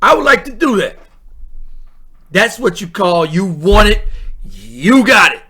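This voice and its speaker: A man hosting a vlog, giving blunt, animated commentary on the news. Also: high voice, measured pace, breathy edge. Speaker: vlog host.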